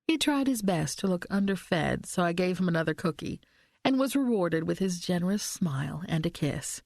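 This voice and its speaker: A woman narrating a mystery novel as an audiobook in the first person, reading in a steady, measured way on a close studio mic. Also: fairly low pitch, vocal fry, dry recording.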